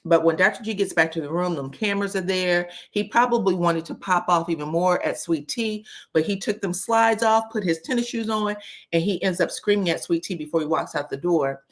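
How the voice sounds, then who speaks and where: A woman with a somewhat low-pitched voice talks through a casual recap as host. She is chatty and animated in her delivery, checking in with her listeners in quick asides. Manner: chatty and expressive, frequent "okay?" asides. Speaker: host recapping a reality show. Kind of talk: casual commentary.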